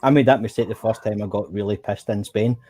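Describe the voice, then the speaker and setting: A man's voice: fairly low pitch, fairly even intonation, quick pace, mellow, slightly rough. A man in casual chat while gaming, swapping blunt, sweary anecdotes and laughing often.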